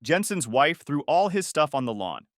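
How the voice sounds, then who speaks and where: A man's voice: a little high, sing-song, normal speed, no room sound, studio quality. A man voicing a desperate, manipulative young woman who shrieks and pleads tearfully.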